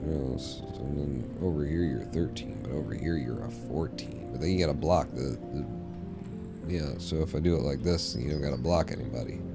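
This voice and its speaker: A man's voice: a bass voice, a little fast, gravelly, loud music behind the voice. A man streaming a game, rambling and swearing casually to himself as he plays. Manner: rambling, profane, mumbling to himself. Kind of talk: casual live-stream gameplay chatter.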